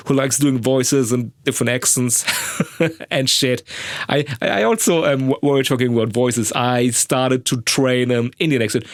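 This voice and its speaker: A man's voice: medium pitch, normal speed, no room sound, clean studio sound. A young man, a podcast host rambling crudely and mocking himself, recorded in a sound booth. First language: German. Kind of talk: casual monologue.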